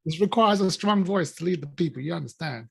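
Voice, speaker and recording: A man speaking as a guest business coach on a video call. He gives a playful, emphatic motivational talk and laughs between his drawn-out catchphrases. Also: fairly high pitch, expressive, vocal fry, husky.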